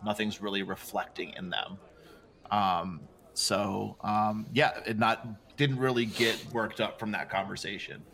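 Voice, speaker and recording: A low, gravelly man playing a tabletop game, talking in a flat, calm way. He hesitates often with fillers as he describes his character. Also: unhurried, slight background noise. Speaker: player.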